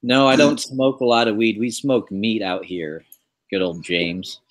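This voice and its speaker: A man hosting a casual livestream, rambling in a relaxed way with lots of fillers as he shows off his kitchen. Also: on the low side, unhurried. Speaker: livestream host. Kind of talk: casual chat, showing his kitchen pantry on stream.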